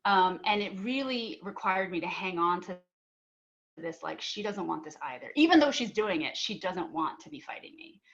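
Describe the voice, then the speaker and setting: A woman's voice: on the low side, moderate pace. Young woman telling a story on a panel, earnest, lots of um and like, kinda muffled call audio. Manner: earnest, animated, acts out both sides of arguments. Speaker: panel speaker.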